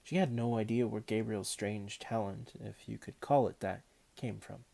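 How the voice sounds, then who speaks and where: A man reading a children's novel aloud in a calm, measured way. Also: lowish voice, vocal fry. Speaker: audiobook reader.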